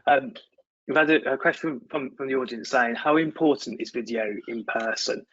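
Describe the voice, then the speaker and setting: Husky, hesitant male moderator. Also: mid-range voice, moderate pace, a bit bright, dull audio. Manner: hesitant, repeats words. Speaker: webinar moderator. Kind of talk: moderating a panel.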